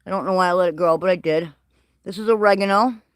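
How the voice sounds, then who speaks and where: A man hosting a livestream, walking through his greenhouse and garden and chatting in an excitable, rambling way. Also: high-pitched, fast, clear, resonant tone, no room sound, studio quality. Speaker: livestream host. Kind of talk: casual walking garden tour. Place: greenhouse and garden, partly outdoors.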